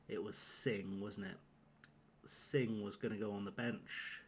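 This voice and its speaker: Male game streamer, mid-pitched, rambling and flustered, muttering through team selection. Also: fairly even intonation, measured pace, slight background noise. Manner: rambling, flustered, talks to himself while picking a team. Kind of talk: live-streamed gameplay commentary.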